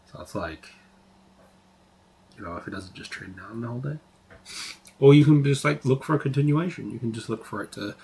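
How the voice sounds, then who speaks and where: Casual swearing man with a low voice. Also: a little mellow, a little hiss or hum. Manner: casual, swears freely, says "like" often. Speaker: trading educator. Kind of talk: live trading stream with Q&A.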